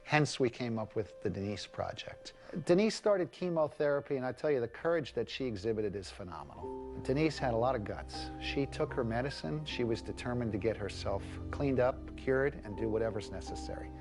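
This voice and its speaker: A man's voice: mid-range voice, animated, fairly quick. A man telling the story of his wife's cancer in an earnest, emphatic interview testimonial. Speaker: husband of a cancer patient. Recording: music bed under the voice.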